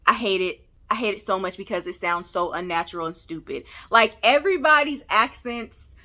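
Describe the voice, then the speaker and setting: A woman from Memphis with a Southern accent, recapping a TV episode in a sassy, animated, chatty way and talking straight to the viewer. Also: mid-range voice, normal speed. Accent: Southern American. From Memphis, Tennessee. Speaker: TV recap vlogger. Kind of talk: casual recap chat.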